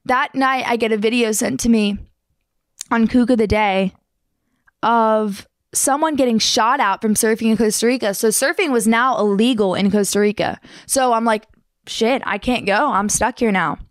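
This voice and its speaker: A woman's voice: on the high side, no echo. Chatty young woman, dry close sound. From New Jersey, United States. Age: young adult. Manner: fast, chatty, animated storytelling with slang. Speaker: surfer telling her story. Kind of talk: casual storytelling to camera.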